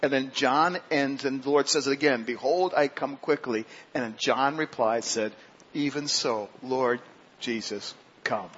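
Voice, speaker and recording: A man preaching a sermon with earnest emphasis, slowing and rising on scripture quotes. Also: mid-range voice, fairly even intonation, fairly bright tone. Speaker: pastor. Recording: dull lo-fi sermon recording with faint noise.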